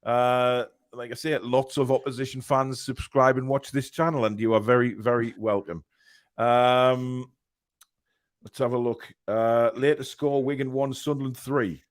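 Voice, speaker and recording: A man's voice: medium pitch, fairly even intonation, unhurried. A man hosting a casual football podcast, reading out live chat comments with lots of ums and uhs.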